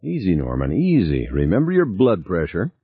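A man's voice: huge pitch swings, moderate pace, slightly rough, no echo, full character voice. A man doing an anxious, coaxing colleague. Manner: soothing, coaxing, somewhat higher voice. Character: middle-aged man, anxious, placating, suspicious. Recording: slightly dull lo-fi recording.

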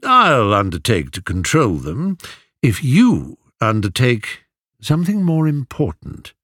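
A man's voice: mid-range voice, wildly swooping pitch, slow, a bit bright, no room sound, studio quality, heavily acted. Man putting on a drawling, mock-polite older suitor. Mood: condescending. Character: older mocking male suitor leader, condescending.

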